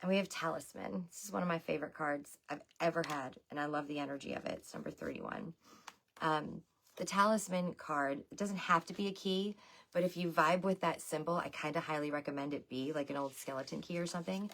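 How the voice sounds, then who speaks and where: A woman's voice: sits low, brisk, gravelly, a bit bright. A woman giving a loose, chatty tarot reading to her viewers, talking to them as y'all. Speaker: tarot reader. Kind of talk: casual livestream tarot reading.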